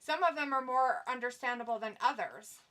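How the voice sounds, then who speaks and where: A woman's voice: high voice, a little fast, fairly bright tone. A woman co-hosting a live stream, chatting casually, teasing and laughing often while reading viewer comments. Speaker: stream co-host.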